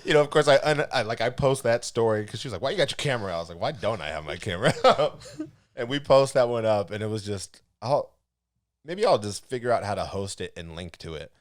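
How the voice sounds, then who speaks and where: Animated low-voiced man telling stories. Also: fast. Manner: laughs often while telling stories, animated. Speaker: podcast co-host. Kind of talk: casual storytelling chat.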